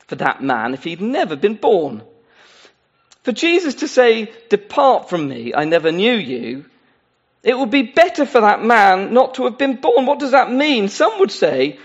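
Husky lively-voiced male preacher. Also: sits high, lo-fi sound. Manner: earnest, pleading, with many asides. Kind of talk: sermon.

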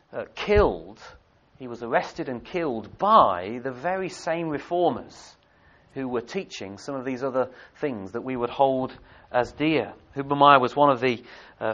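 A man's voice: mid-range voice, fairly bright tone. A man giving an evening church history talk to a congregation, speaking conversationally with many fillers and restarts and asking the audience questions. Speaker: church teacher. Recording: dull lo-fi recording.

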